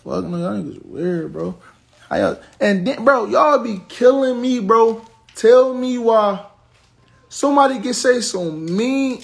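A young man in his 20s, a social media personality, vents on a livestream in a high, gravelly voice. He's blunt and profane, ranting at and cussing out his commenters.

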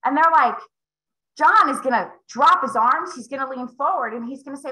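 A woman sales coach leading a live call, emphatic and acting out client conversations with big swings in pitch. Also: lively intonation, normal speed, bright, forceful tone, reverberant, low-quality recording. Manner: emphatic, role-plays client dialogue with big pitch jumps. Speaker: real estate sales coach.

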